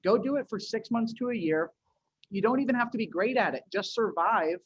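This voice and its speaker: A man's voice: sits high, expressive, fairly quick, husky, no echo. A man from New England talking casually as a podcast guest, loose and slangy, calling people "dude" and restarting sentences. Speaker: podcast guest, agency owner. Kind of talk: casual interview chat. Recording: dull, dry lo-fi audio.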